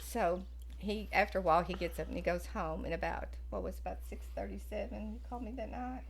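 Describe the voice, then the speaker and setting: A woman's voice: mid-range voice, quick pace, creaky, a little hiss or hum. A woman telling family stories as a podcast guest, laughing often and acting out the voices in her tales. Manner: animated, laughs often, acts out quotes. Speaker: podcast guest, mother of the hosts. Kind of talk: casual family storytelling.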